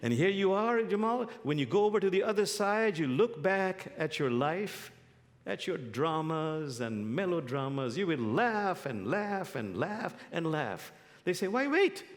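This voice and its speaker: A man preaching a light-hearted sermon, playful and storytelling, his voice sitting fairly high and swinging widely. It is picked up in a sanctuary with a long reverb. He moves easily between jokes and reflection. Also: animated, a little slow. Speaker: imam, guest speaker. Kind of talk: sermon with humorous stories. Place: spiritual center sanctuary.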